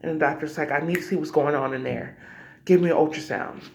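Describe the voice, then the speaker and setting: A woman's voice: low-pitched, steady tone, quick pace, gravelly, darkish tone, a little hiss or hum. A woman vlogger telling a personal story casually to her viewers, acting out scenes with cries and asides. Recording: slightly dull lo-fi audio.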